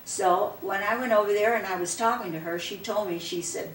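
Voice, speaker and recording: A woman's voice: medium pitch, fairly quick, hardly any pauses. An older woman telling a story in a casual interview, rambling and repeating "I said" and "she said" as she goes. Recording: roomy and distant with faint background noise.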